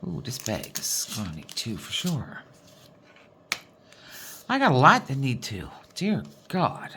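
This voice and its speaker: Here's a Newfoundland woman whose rumbling low voice swoops wildly in pitch, slow-paced and fairly bright, over a faint hiss or hum. She chats and rambles while going through her diamond painting supplies, folksy as can be and fond of ending lines with "boy".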